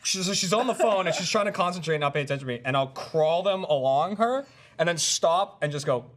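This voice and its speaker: Brief: male podcast regular, a bit higher voice, animated storyteller. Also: fast. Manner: animated storyteller, acts out bits. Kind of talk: casual chat.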